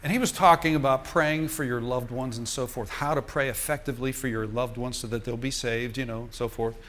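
An older man preaching in a church, telling a personal story to the congregation in lively storytelling fashion with chuckles. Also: medium pitch, fairly quick. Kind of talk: sermon testimony.

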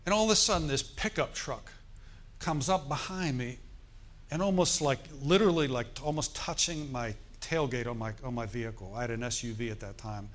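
At a fairly quick pace and medium pitch, a middle-aged pastor shares a story from the pulpit. His telling is conversational and animated, with questions directed at the congregation.

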